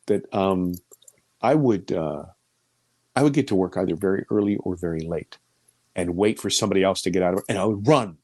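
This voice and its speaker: A man in his fifties telling a personal story as an interview guest, animated and swinging between loud exclamations and hushed near-whispers. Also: fairly low pitch, no room sound. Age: 50s.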